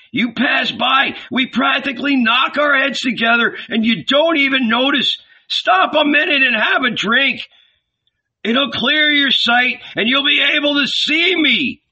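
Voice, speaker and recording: A man reading a novel aloud, voicing a rowdy, half-drunk male tavern keeper with a hoarse voice who hollers from a distance. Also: very high voice, pitched above the performer's own voice, exaggerated voice. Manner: bellowing loudly from a distance. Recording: dull lo-fi recording.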